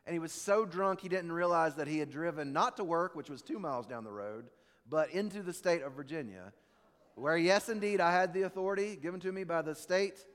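A higher-pitched male preacher delivers a sermon in a church, and his voice rings out in a long hall reverb. He tells stories with animated quoted lines and then sinks low and soft for emphasis. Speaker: pastor.

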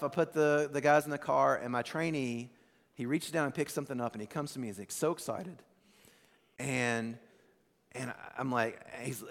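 A man preaching a sermon as pastor, telling a story with animated bursts that drop to a hushed, slow delivery. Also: fairly high pitch, in a large hall.

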